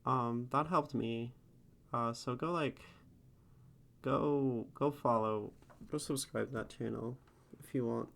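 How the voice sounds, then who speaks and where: An American man talks slowly on a live stream, casual and thinking aloud. He hesitates often and fills the gaps with ums as he reacts. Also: medium pitch, fairly even intonation, gravelly, fairly bright tone. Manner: musing, hesitant, lots of fillers.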